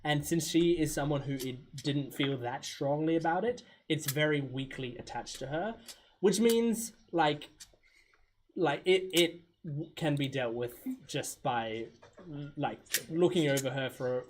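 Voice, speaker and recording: A man's voice: medium pitch, darkish tone, a little hiss or hum. A man narrating a tabletop game as dungeon master, casual and rambling. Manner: casual, rambling, many fillers.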